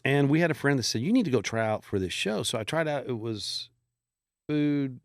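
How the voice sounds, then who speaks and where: Chatting on a podcast, a middle-aged man wanders through lengthy anecdotes and imitates everyone he quotes. He sounds animated, medium in pitch and moderate in pace, in echo-free, studio-quality audio.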